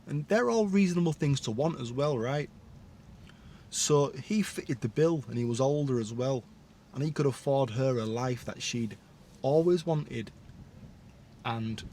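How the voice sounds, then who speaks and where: A man's voice: medium pitch, a little mellow, a little hiss or hum. A man telling his own life story in a candid, rambling monologue, full of blunt asides and tag questions.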